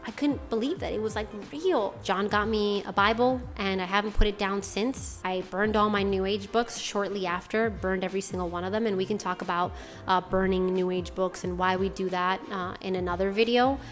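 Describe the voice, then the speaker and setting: A woman's voice: medium pitch, steady tone, moderate pace, faint music behind. Chatty young woman from Boston. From Boston, USA. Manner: casual, rambling, many fillers like "like". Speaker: channel host. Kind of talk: personal testimony vlog.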